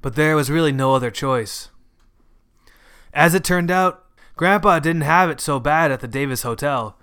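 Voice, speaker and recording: A man's voice: a little high, sharp tone, smooth. A man reading a short story aloud as its narrator. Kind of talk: scripted narration.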